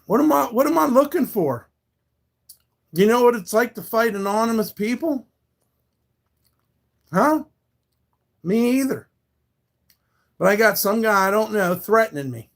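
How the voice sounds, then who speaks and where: Gravelly man ranting at his chat. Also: sits high, lively intonation, moderate pace, pauses often. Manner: confrontational, profane, talks back to viewers. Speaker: live streamer. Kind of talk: casual live-stream rant at chat.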